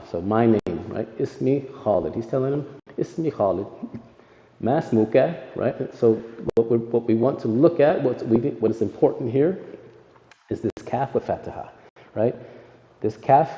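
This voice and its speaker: A man's voice: mid-range voice, creaky, warm tone. A man teaching an Arabic lesson to a class, explaining step by step and checking in with "right?" after nearly every phrase. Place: classroom in a mosque. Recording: echoey hall, muffled sound.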